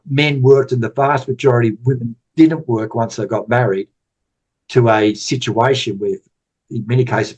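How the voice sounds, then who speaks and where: A man's voice: mid-range voice, husky. A man in his sixties, a podcast guest telling stories in casual talk, rambling and repeating words. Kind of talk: casual storytelling interview.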